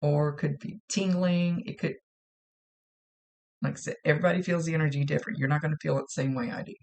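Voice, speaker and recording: A woman psychic medium giving a gentle, reassuring spoken reading to a viewer, often repeating herself. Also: sits low, steady tone, fast talker.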